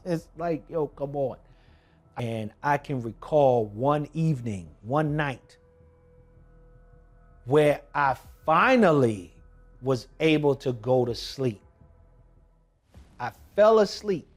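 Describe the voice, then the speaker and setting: A man telling a personal testimony in a vlog, moving from hushed tones to emphatic shouting. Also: medium pitch, animated, takes it slowly, long pauses. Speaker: documentary vlogger.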